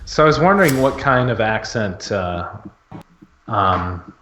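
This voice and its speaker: A man's voice: lowish voice, expressive, unhurried, over music. A man co-hosting a casual fan podcast, rambling and thinking aloud as he reacts to a trailer. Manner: rambling, thinking aloud with fillers and jokey impressions. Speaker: podcast co-host. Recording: roomy, dull lo-fi audio.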